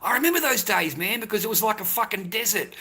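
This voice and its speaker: Ranting, swearing man, bright voice. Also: high voice, lively intonation, fast. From Australia. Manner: rambling, swears often, keeps asking "right?" and "mate". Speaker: vlogger. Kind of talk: profane ranting monologue.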